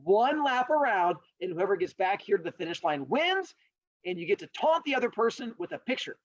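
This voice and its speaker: A man's voice: sits high, big pitch swings, fairly quick, dull audio. A man voicing a smart male owl who announces race rules. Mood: announcing.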